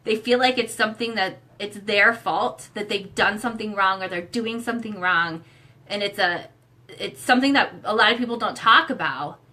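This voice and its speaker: A young adult woman talking candidly with her husband about her anxiety, earnest and emotional, often pausing with fillers. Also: mid-range voice, pushed and bright. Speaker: co-host, sharing her own experience. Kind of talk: candid couple conversation.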